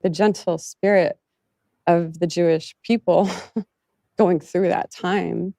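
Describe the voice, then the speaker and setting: A woman speaks earnestly in an interview, halting often and adding small laughs. Her voice is low and gravelly with a mellow tone, recorded dry and close. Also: steady tone, no echo. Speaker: interview guest. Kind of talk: candid interview talk.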